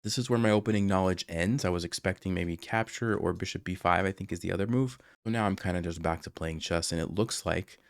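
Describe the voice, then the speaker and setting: A man's voice: low-pitched, brisk, few pauses, no room sound. A young man talking through his own chess game as he plays it, his voice still recovering after he lost it while sick. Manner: explains moves aloud as he plays. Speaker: chess streamer. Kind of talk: casual game commentary.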